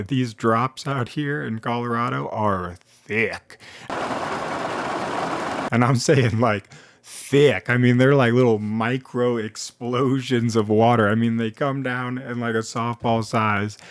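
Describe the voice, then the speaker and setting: A man telling a comedic story in a rambling, animated way, often interrupting himself. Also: medium pitch, no echo. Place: now living in Colorado.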